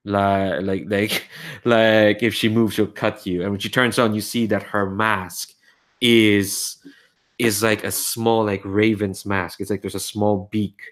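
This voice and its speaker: A man narrating a tabletop game as game master, describing scenes in a halting way with many fillers. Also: fairly low pitch, flat delivery.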